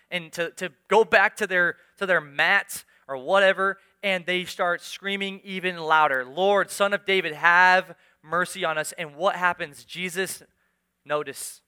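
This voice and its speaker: A man's voice: high-pitched, measured pace, sharp tone, clean tone. A male pastor preaching a sermon in church, earnest and urging, often repeating phrases for emphasis. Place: church sanctuary.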